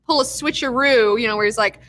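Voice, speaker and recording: A young woman casually recapping a TV episode, swearing freely, excitable and acting out characters' lines. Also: fairly high pitch, brisk. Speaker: TV recap host.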